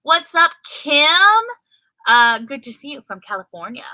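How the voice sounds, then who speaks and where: Woman, 30s, livestream co-host; bright, high-ish voice, animated storyteller. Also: normal speed, rough recording. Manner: animated storytelling with excited outbursts. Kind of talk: casual livestream chat.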